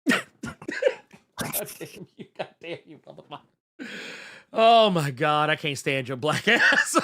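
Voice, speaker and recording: A man's voice: a little high, expressive, slow, pauses often, sharp tone. A man co-hosting a comics podcast, ranting in a heated, profane way with lots of restarts while reading out viewer messages. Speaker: podcast co-host.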